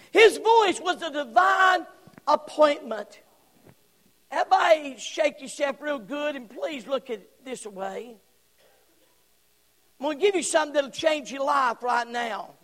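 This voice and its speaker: Male pastor, very high voice, fiery shouting sermon with hushed drops, long church reverb. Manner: fiery preaching, swings from shouts to hushed tones. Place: church sanctuary.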